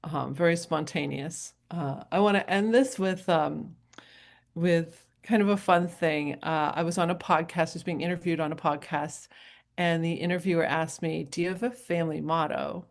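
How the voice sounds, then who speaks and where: A middle-aged woman from New Hampshire, giving a casual motivational talk as a coach, chatty and rambling and quick to laugh. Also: sits low, creaky. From New Hampshire, USA.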